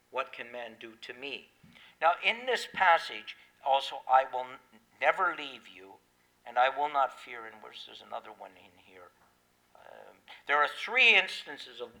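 A man's voice: mid-range voice, bright, forceful tone, poor audio. A man preaching a sermon, explaining a scripture passage and stressing key words with emphasis. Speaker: pastor.

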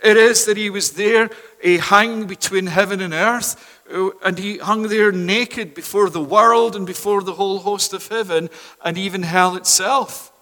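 A man preaching a sermon from a pulpit, shifting from loud proclamation down to hushed, near-whispered appeals. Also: sits high, fairly even intonation, normal speed. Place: church. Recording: long reverb of a large hall.

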